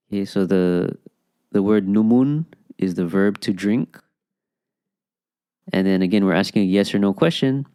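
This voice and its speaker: A man explains a language lesson in a patient, step-by-step way and keeps returning to "okay". His voice is low, mellow and smooth. The recording is close and dry. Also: a little slow, long pauses, dry recording. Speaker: language teacher. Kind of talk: explaining an Okinawan phrase lesson.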